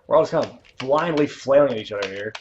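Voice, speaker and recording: A man's voice: medium pitch, animated, fast, a little hiss or hum. A young adult male host rambling casually through a game livestream and answering viewer questions, over dull lo-fi audio. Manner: laid-back, rambling, chuckling. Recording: dull lo-fi stream mic.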